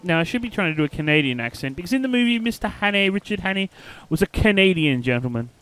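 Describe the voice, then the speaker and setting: A man's voice: high-pitched, lively intonation, fast talker, a bit bright, clean tone. A man hosting a let's play, commenting casually and reading game text aloud in a theatrical storytelling way. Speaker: gaming channel host.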